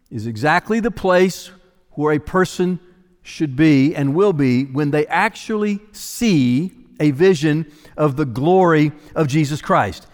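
A man's voice: on the high side, big-room sound. A man preaching an expository sermon as pastor, dramatic and emphatic, sometimes dropping to a near-whisper for weight.

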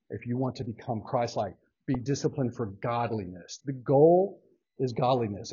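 A man's voice: mid-range voice, warm tone, husky, highs cut off. A man teaching a church Bible class, talking casually and animatedly and putting questions to the class.

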